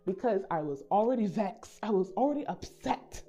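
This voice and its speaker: A woman's voice: mid-range voice, normal speed. A woman from the Caribbean telling a casual story to her viewers, acting out the voices of the people in it. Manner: animated, acts out voices in quotes. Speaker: storytime YouTuber. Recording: slightly dull recording with soft background music.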